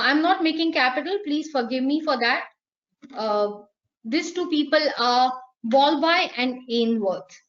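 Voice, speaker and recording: A woman's voice: high-pitched, dull audio. A woman giving an online lecture to teachers, answering their questions and acting out examples with animation. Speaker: teacher trainer.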